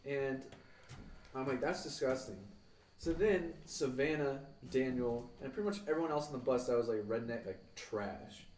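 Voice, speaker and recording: A man's voice: medium pitch, moderate pace, background noise. Young man telling rambling stories, echoey room. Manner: rambling, swears, acts out quoted people. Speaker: podcast co-host. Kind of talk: casual storytelling. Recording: echoey room, mic at a distance.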